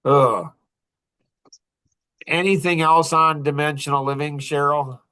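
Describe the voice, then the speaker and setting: A man's voice: on the high side, normal speed, a bit bright. A man in his fifties hosting a podcast, telling rambling stories in casual chat and chuckling often. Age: 50s. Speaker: podcast host.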